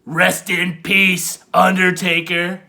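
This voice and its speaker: Man putting on a loud, boastful wrestling-promo persona; gravelly, high and bright, yelling "brother" constantly. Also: little pitch movement, takes it slowly, heavily acted. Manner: shouty, calls everyone brother and daddy.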